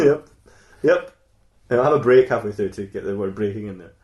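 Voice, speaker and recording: A man's voice: fairly low pitch, brisk, darkish tone. A man improvising a comic story, rambling and correcting himself as he goes, in an echoey room. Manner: rambling, self-correcting, laughing at own jokes. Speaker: podcast host.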